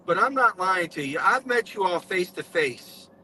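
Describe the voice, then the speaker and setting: A man's voice: high voice, expressive, moderate pace, bright, forceful tone, a little hiss or hum, poor audio. A man earnestly telling his story in casual live-stream chat, with folksy speech.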